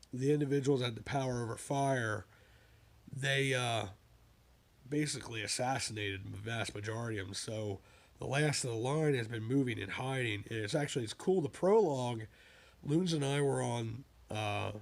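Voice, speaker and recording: A man chatting casually about his own books, wandering off into side stories and asides as he goes. His voice sits in an ordinary middle pitch. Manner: rambling, with digressions and asides. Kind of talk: casual spoken monologue.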